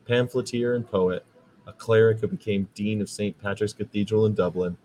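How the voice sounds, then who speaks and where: A man's voice: on the low side, fairly even intonation, moderate pace, dark tone, a little hiss or hum, poor audio. An American man hosting a podcast, talking in a casual, rambling monologue that turns preachy. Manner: chatty, rambling, preachy about veganism. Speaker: vegan podcast host.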